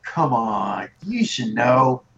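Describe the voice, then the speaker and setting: A man tells a story in casual podcast chat. His voice comes through muffled and dull, as if over a low-quality remote line. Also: big pitch swings, slow pace, creaky, fairly bright tone. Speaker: podcast co-host.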